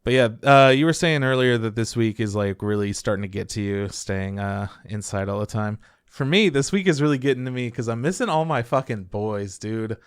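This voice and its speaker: Laid-back cursing man, smooth voice. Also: lowish voice, expressive, fairly quick, no echo, studio quality. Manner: laid-back, swears a lot, laughs often. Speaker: podcast co-host. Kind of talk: casual chat.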